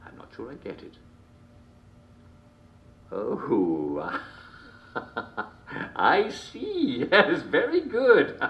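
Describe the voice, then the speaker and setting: An actor playing a jovial, sinister English comedy show host in a video game, theatrical and chuckling constantly between jokes. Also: male voice, fairly low pitch, sharp tone, dull audio, full character voice. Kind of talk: scripted video game character performance. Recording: roomy echo.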